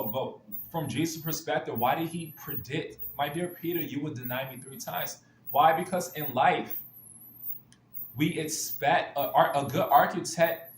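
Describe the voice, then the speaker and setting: A man's voice: a little high, slight background noise. A man giving an earnest spiritual talk built around Bible stories, often restarting his sentences and repeating stock phrases. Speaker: spiritual speaker. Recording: roomy echo, faint ambience.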